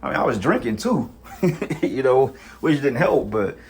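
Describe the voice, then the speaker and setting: A man's voice: medium pitch, very animated, measured pace, darkish tone. A man giving an informal sermon to his brothers, exhorting in casual street talk with frequent profanity and repeated "you know what I'm saying". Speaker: preacher.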